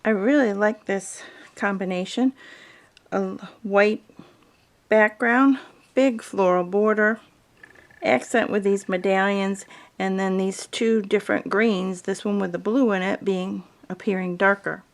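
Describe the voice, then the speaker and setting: Gravelly-voiced woman explaining quilt fabrics. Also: mid-range voice, unhurried. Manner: calm, explanatory, talks through fabric choices. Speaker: quilting instructor. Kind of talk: video tutorial narration.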